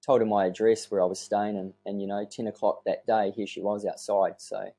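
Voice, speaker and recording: A man, telling his story as a podcast guest in an earnest, animated way and swearing casually. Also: fairly low pitch, a little fast, vocal fry. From New Zealand.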